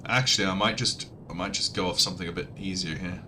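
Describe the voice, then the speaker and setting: A man's voice: sits low, fairly even intonation, quick pace, background noise. A man casually commentating his flight-sim livestream, chatty and rambling, often restarting his sentences. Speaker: livestreamer and audiobook narrator.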